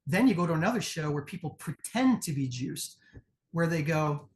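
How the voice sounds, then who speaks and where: A man's voice: a little high, expressive, moderate pace. Blunt, profane male judge. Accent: Midwestern American. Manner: blunt, profane, acts out crowd chants. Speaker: promo competition judge. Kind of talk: candid spoken critique.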